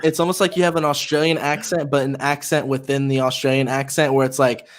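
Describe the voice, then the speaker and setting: Male co-host from Florida, rapid rambling delivery, middle pitch, casual. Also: little pitch movement. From Florida, United States. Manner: rambling, many fillers and restarts. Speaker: podcast co-host. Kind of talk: casual chat.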